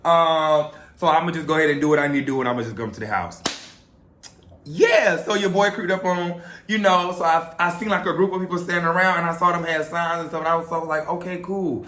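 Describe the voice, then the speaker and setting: A man's voice: fairly high pitch, fairly even intonation, fast talker, sharp tone, echoey room, slight background noise. A talkative young man telling a story in a casual, chatty vlog style, loose with filler words. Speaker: vlogger.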